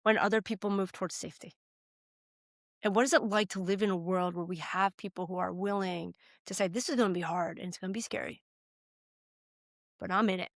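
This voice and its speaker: A woman's voice: medium pitch, fairly even intonation, brisk, pauses often, no room sound, clean studio sound. Earnest American woman telling a story. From United States. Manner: earnest, heartfelt, gets choked up. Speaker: guest, political candidate. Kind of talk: personal storytelling in a podcast interview.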